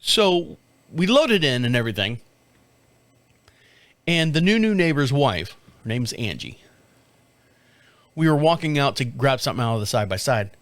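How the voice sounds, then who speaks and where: With no room sound behind him, a man speaks at normal speed in a mid-range voice, leaving long pauses. He's a podcast host in his fifties spinning a lengthy, foul-mouthed yarn in casual chat, animated and doing voices for everyone he quotes.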